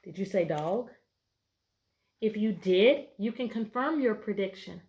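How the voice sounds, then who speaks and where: A woman's voice: mid-range voice, lively intonation, measured pace, long pauses. A woman teacher reading a picture book aloud to her class, patiently asking prediction questions between pages. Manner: bright, playful voices for story animals.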